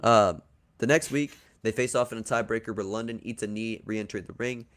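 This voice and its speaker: With a lowish, brisk voice that's steady and a bit bright, this podcast host lays out a wrestling storyline of his own. His manner is relaxed and jokey, with crude moments.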